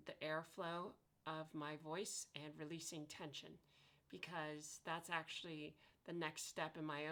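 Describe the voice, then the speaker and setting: A woman vlogger chatting casually while lying down, relaxed and thinking aloud with many fillers. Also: sits low. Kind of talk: casual chat. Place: indoors, lying down.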